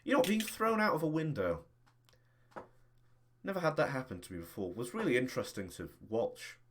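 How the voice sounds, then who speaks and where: A man's voice: mid-range voice, very animated, brisk, fairly bright tone, slight background noise. A man playing Dominic Harper, a smug woman crime boss. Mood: mocking. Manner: gushing, mocking and theatrical.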